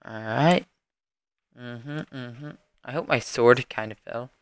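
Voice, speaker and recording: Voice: medium pitch, slow, clean tone, no echo. A gamer giving casual gameplay commentary, muttering to themself and grumbling at the game. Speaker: let's play host.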